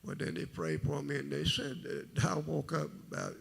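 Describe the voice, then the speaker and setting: A middle-aged man with a very deep, gravelly voice, telling his testimony at a church service in a halting, rambling way. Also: sing-song, a bit bright. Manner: rambling, halting, folksy storytelling. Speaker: testimony speaker.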